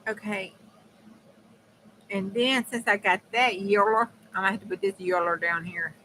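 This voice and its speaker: A woman chatting casually on a crafting livestream, folksy and prone to excited laughter. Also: medium pitch, moderate pace, a little hiss or hum, low-quality recording. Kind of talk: casual live-stream chat while crafting.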